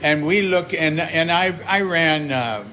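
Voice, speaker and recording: A man's voice: a little high, unhurried, pushed and bright, a little hiss or hum, rough recording. An older man hosting a casual interview, chatty and encouraging, with many fillers, recording on his iPhone. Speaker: host. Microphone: iPhone held by speaker.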